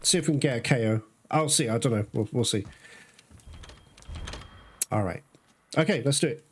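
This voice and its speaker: A man's voice: mid-range voice, moderate pace, a little hiss or hum. A man giving casual, chatty commentary on his own gameplay, talking straight to viewers and swearing now and then. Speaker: gamer playing through a game.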